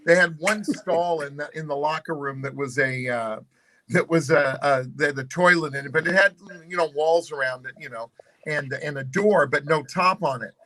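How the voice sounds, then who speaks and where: Animated higher-voiced older man telling stories. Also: normal speed, a little hiss or hum, poor audio. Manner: animated, laughing, restarts mid-sentence. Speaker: panel guest, actor. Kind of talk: casual storytelling on a video call. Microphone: video call.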